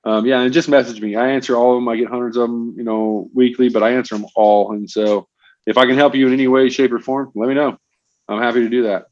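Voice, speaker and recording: A middle-aged man from the fishing industry, appearing as a guest on a casual podcast, tells stories quickly in a medium-pitched voice. He's an animated storyteller who keeps calling the host "bro" and "man." The recording sounds dull, lo-fi and dry.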